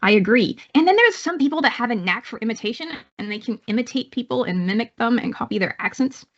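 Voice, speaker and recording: A woman's voice: fairly high pitch, expressive, fast talker, a bit bright, lo-fi sound. A woman with a Canadian accent giving a live online psychology lecture in a conversational way, with many fillers and restarts. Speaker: psychology instructor.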